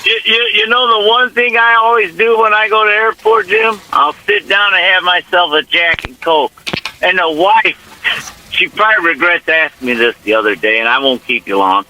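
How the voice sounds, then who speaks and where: A man's voice: high voice, very animated, moderate pace, pushed and bright, slight background noise. Folksy male caller on a phone line. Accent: Northwest Indiana. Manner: rambling, folksy, calls people man and brother. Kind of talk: casual call-in chat.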